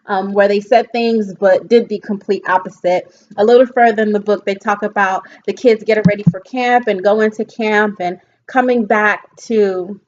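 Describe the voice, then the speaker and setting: A young woman, an education student, giving an earnest, halting book report presentation and mixing reading with comments. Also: mid-range voice, steady tone, darkish tone. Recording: dull lo-fi home recording with faint noise.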